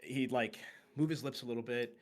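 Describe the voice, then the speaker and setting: A man's voice: mid-range voice, fairly even intonation, brisk. Joking man at the game table. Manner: joking, cheeky. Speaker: player. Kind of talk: casual game talk.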